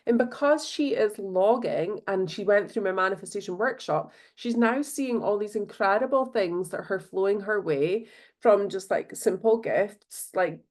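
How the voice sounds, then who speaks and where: A woman's voice: medium pitch, moderate pace. A Scottish woman hosting a solo podcast, talking in a bubbly, chatty way with many fillers. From Scotland. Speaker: podcast host. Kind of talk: casual solo podcast talk.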